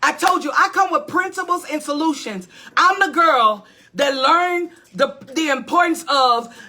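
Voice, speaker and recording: High, bright-voiced woman preaching emphatically. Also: unhurried. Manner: emphatic and repetitive, calling out to listeners. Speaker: pastor. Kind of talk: preaching-style motivational talk.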